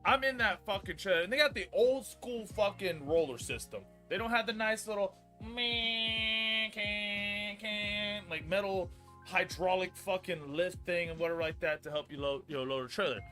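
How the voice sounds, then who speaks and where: A man in his thirties telling a long work story on a stream, profane and rambling, growing loud and heated as he goes. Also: high-pitched, normal speed, faint music behind. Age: 30s. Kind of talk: casual storytelling chat.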